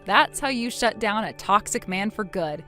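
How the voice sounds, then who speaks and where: A woman narrating a text message story as the wife, trading sharp, sarcastic comebacks. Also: medium pitch, expressive, normal speed, soft background music.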